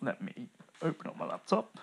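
A man's voice: mid-range voice, wildly swooping pitch, gravelly, slightly rough, dry recording. A man, co-hosting a podcast in easygoing casual chat and leading the segment. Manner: easygoing, leads the segment with quick agreements. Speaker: podcast co-host.

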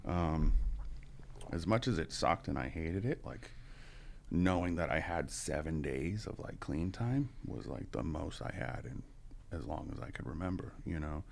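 A man's voice: rumbling low, expressive, measured pace, creaky, slight background noise. A man in his forties, a podcast guest, telling his story in a casual, profane way, full of "you know" and chuckles. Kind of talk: candid storytelling.

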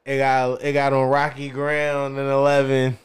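Rambling smooth-voiced man, podcast host. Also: medium pitch, completely flat delivery, a little slow. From Philadelphia. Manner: rambling, restarts with "you know what I'm saying". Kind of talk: casual podcast chat. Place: podcast studio.

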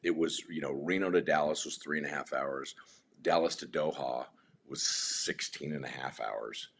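A man's voice: very deep voice, normal speed, creaky, fairly bright tone, a little hiss or hum. A man telling long rambling anecdotes in casual chat as a podcast guest, with frequent restarts.

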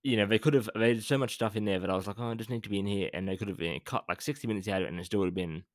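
A man co-hosting a film podcast, talking in a measured, hesitant way with a lot of fillers. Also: on the low side, no room sound, studio quality. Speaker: podcast co-host. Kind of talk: casual film discussion.

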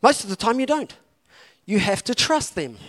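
High-voiced New pastor preaching. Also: male voice, sing-song, moderate pace, a bit bright. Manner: impassioned, repetitive exhortation. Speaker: campus pastor. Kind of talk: sermon.

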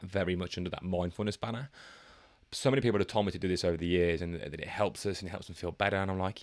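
Deep-voiced man hosting solo. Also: dry recording. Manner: casual, chatty, self-deprecating, sometimes reading from notes. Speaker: podcast host and personal trainer. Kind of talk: solo podcast monologue.

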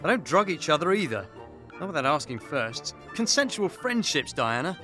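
A woman's voice: deep voice, very animated, moderate pace, sharp tone, soft background music, exaggerated voice. Woman doing a nervous, drugged young man. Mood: wry.

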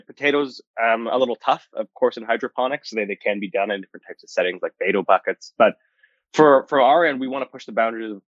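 A man's voice: medium pitch, no echo, highs cut off. A man speaking as an interview guest in an earnest, emphatic way, with frequent fillers and repeats. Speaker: guest, indoor farming company co-founder. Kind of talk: conversational interview.

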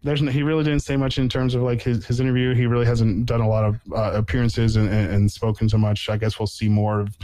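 A man's voice: medium pitch, flat delivery, fast, hardly any pauses, dark tone, no room sound, poor audio. A man hosting a casual sports podcast, rambling with lots of fillers and restarts. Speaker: podcast host.

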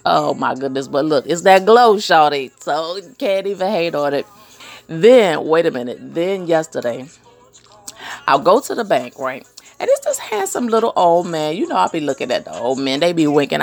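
A woman hosting a podcast, telling funny weekend stories in a casual, animated way and acting out the other people in them. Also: fairly low pitch, creaky. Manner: animated storytelling, laughs often, acts out voices. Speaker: podcast host. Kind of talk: casual chat.

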